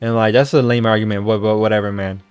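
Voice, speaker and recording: A man's voice: on the low side, flat delivery, fast talker, a little mellow, clear, resonant tone, dry recording, faint music behind. A man ranting in casual chat, rambling with many stammered restarts and casual swearing. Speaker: streamer. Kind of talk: casual rant.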